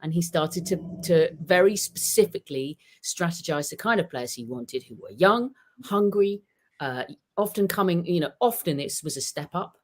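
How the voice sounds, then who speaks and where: A man chatting about football on a podcast, telling stories in an animated way, with many restarts. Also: on the high side, normal speed. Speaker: podcast guest. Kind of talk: casual football chat. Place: home with a dog.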